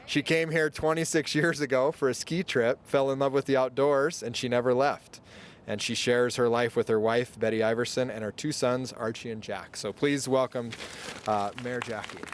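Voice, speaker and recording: A man with a mid-pitched voice acts as emcee at an outdoor press event, reading an introduction into a podium microphone. He keeps things light and pokes fun at himself. Faint noise hums behind him. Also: steady tone, normal speed. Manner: light, self-deprecating.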